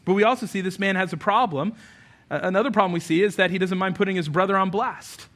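A man's voice: sits high, fast, fairly bright tone. A man preaching a conversational sermon as pastor, animating the story with acted quotes.

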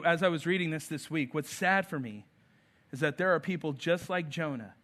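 A man preaching a sermon, telling a Bible story with lively acted-out voices for its characters. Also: a little high. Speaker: pastor.

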